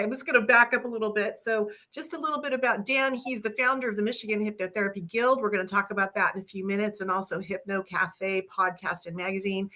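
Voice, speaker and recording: A woman's voice: mid-range voice, sharp tone. A woman hosting an interview series, upbeat and chatty, laughing often.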